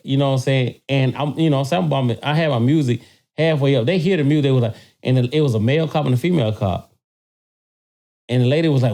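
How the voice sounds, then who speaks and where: A man telling a story in a casual podcast chat, animated and profane, often repeating words as he gets worked up. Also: fairly high pitch, brisk.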